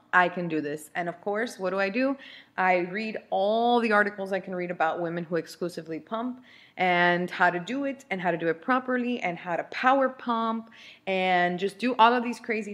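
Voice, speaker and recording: A woman in her thirties hosting a podcast, telling a personal story in a candid, chatty way with frequent restarts. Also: mid-range voice. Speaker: podcast host.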